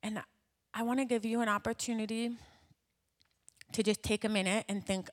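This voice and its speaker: A woman's voice: a little high, fairly even intonation, moderate pace. Emotional woman sharing a church testimony. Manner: conversational with fillers, emotional. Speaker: church speaker. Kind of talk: personal testimony in a church talk.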